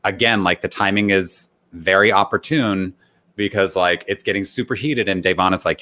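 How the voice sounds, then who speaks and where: Guy cohosting a podcast, kinda low voice, chatty recap, does little voices for quotes. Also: moderate pace. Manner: acts out quoted people with lively voice shifts. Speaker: podcast co-host. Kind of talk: casual recap chat.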